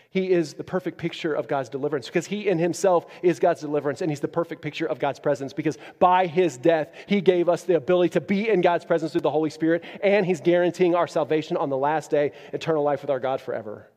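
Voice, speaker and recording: A man preaching a sermon as a pastor, moving from loud, emphatic peaks down to quiet, low passages. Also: fast, few pauses, long reverb tail. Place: church.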